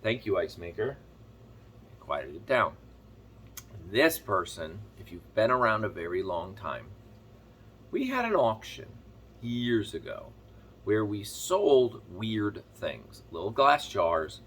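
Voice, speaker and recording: A man chatting casually to camera as a farm vlogger, telling a rambling story quickly while sitting on his kitchen floor. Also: on the low side, very animated, fairly bright tone, slight background noise. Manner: rambling, fast-talking storyteller.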